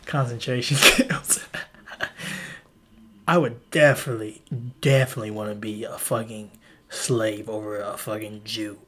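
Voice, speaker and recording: A man's voice: fairly low pitch, steady tone, unhurried, pauses often, sharp tone. A man hosting a solo podcast, rambling in a profane, casual way. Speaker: podcast host.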